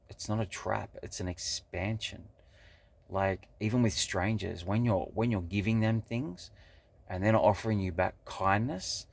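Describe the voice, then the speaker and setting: Low, gravelly man rambling casually. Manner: rambling and profane, many fillers and restarts. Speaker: vlogger. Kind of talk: casual monologue.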